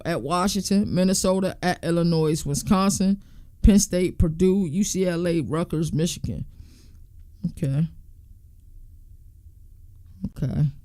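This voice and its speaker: A man's voice: high-pitched, darkish tone, dry recording, clean studio sound. A man hosting a sports podcast, talking casually and in slang while he thinks aloud and counts through team schedules.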